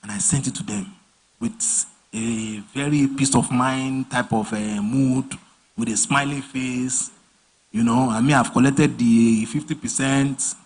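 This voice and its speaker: A husky-voiced man teaches design in a loose, live-class way. He jumps into stories and acts out the people in them with lively swings of pitch. His pitch sits at an ordinary middle height for a man. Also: unhurried. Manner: animated storyteller, voices clients and bosses mid-story. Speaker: design trainer. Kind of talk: casual live training talk with acted-out anecdotes.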